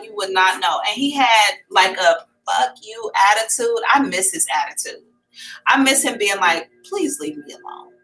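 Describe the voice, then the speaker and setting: A woman's voice: on the high side, sharp tone, low-quality recording. A middle-aged woman hosting a psychic livestream, chatting candidly and calling her viewers y'all. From America. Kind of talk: casual livestream chat.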